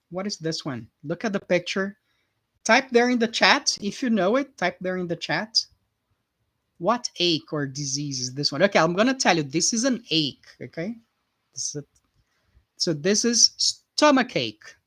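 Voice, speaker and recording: A man teaches English in a live online class. He goes slowly and patiently, repeats each word, and keeps checking in with his students. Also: sits high, fairly bright tone. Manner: patient, repetitive, checks in with "right?" constantly.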